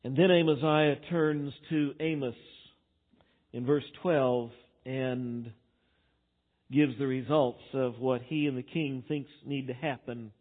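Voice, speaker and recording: A man preaching a verse-by-verse sermon, emphatic and swinging between loud bursts and quiet asides. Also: medium pitch, fairly even intonation, slow. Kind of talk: expository sermon. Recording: tinny phone-like sound.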